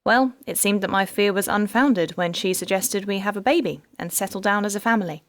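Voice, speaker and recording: A woman's voice: mid-range voice, a little fast, no room sound, lightly acted. An audiobook narrator, a woman, voicing a heartbroken female detective who tells her past with wry bitterness. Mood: wistful. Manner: wry, rueful storytelling.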